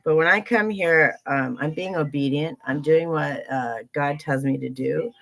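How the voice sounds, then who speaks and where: A woman's voice: sits low, unhurried, vocal fry, a bit bright. A woman hosting a live stream as an intuitive card reader, talking earnestly and emotionally, swearing casually and greeting viewers as they join. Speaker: livestream host, intuitive reader.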